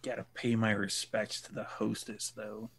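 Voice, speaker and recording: A man playing his character in a tabletop role-play, gruff, laid-back and sarcastic. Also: lowish voice, little pitch movement, normal speed, fairly bright tone, slight background noise. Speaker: player.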